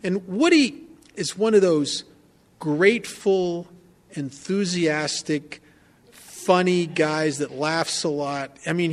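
A man's voice: on the high side, a bit bright. A man giving a candid, self-mocking personal testimony at a recovery meeting, often turning to the listeners with asides.

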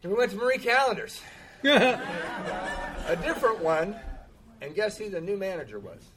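A man's voice: sits high, expressive, unhurried, crowd noise. A man speaking at a recovery meeting, telling his own story candidly with self-deprecating humor and frequent laughs. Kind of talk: personal storytelling talk.

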